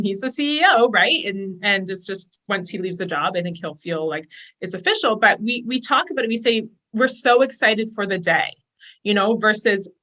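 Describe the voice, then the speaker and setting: A bright, crisp-toned woman in her thirties talks as a podcast guest in a chatty, enthusiastic way. She often slips into quoting her own inner voice as she goes. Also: mid-range voice. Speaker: guest, business and money coach. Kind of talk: casual podcast conversation.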